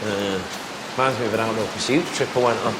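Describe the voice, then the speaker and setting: A man's voice: on the low side, fairly even intonation, fast, noisy background, lightly acted. A man playing a soap opera character who sounds guarded and dry. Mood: wary. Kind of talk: TV drama acting.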